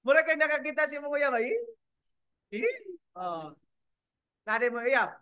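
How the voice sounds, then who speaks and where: A woman's voice: high voice, animated, moderate pace, a bit bright. A woman in her forties with a Filipino accent, giving a classroom lecture. She jokes with the class and quizzes them with questions.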